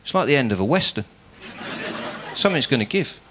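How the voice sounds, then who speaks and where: A man's voice: mid-range voice, big pitch swings, a little fast, crowd noise, background noise. A man from England, doing a stand-up routine on a comedy club stage, telling a story in a dry, self-mocking way. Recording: live club with loud audience laughter.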